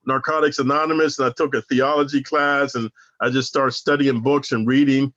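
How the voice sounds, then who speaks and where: A man's voice: mid-range voice, flat delivery, a little fast, fairly bright tone, highs cut off. A man from Northern California being interviewed, telling his stories in a slangy, profane, emphatic way. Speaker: interview guest, former prisoner. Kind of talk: casual storytelling interview.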